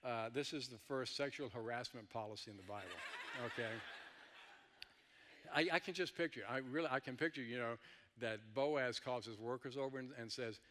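A man's voice: mid-range voice, moderate pace, pushed and bright, in a large hall, slight background noise. A male pastor preaching a sermon, dropping joking asides to the congregation.

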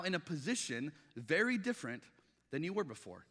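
Middle-aged male pastor, bright forceful delivery, chatty sermon style, echoing church hall. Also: a little high, sing-song, fairly quick. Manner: conversational, acts out quoted dialogue, frequent restarts. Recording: long reverb of a large hall.

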